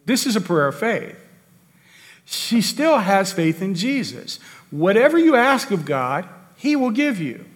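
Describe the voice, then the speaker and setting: Earnest preacher in an echoing hall. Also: male voice, sits high, very animated, a little slow. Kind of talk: sermon. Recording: long hall reverb.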